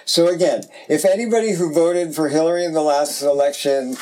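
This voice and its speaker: A man's voice: fairly high pitch, a little fast, darkish tone. Blunt, emphatic male podcast co-host. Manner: blunt, emphatic, drives his point home. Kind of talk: casual political chat.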